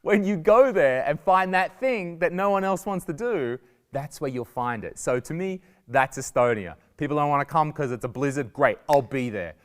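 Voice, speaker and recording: Animated Australian man in a reverberant hall. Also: on the high side, normal speed. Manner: animated, jokey, acts out quoted voices. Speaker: comedian giving a guest lesson. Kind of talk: lively stand-up style talk to students.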